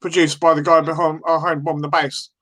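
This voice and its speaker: A man chats casually with friends on a live stream, wandering from topic to topic with cheeky swearing. His voice sits high and sounds bright and forward. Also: flat delivery, fairly quick. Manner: rambling, swearing, laughing banter.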